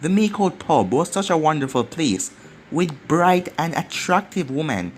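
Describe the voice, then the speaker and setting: A man's voice: fairly high pitch, big pitch swings, a little slow, slight background noise. A man voicing a proud, scheming young woman ninja with a sly, self-righteous manner, over faint music.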